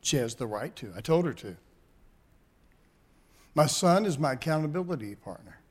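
A middle-aged man, a pastor, preaching a sermon with animated storytelling and calls to the congregation. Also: on the high side, normal speed, slightly rough.

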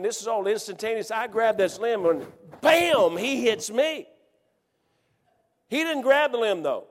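A man with a fairly high voice tells a comic personal anecdote with lively energy, laughing along as the story builds. A long reverb hangs on his voice, as if he were speaking in a large hall.

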